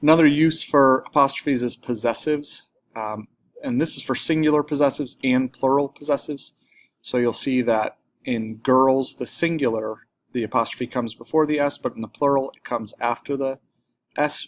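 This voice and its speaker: In a recorded grammar lesson, a man with a medium-pitched voice explains things plainly, step by step, now and then using a filler or correcting himself.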